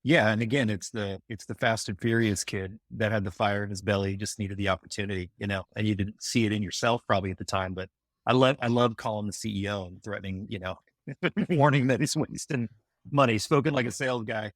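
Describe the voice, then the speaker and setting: A man's voice: fairly low pitch, fairly even intonation, fast, a bit bright, no room sound, clean studio sound. A man hosting a podcast interview, enthusiastic and rambling as he builds up his questions. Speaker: podcast host.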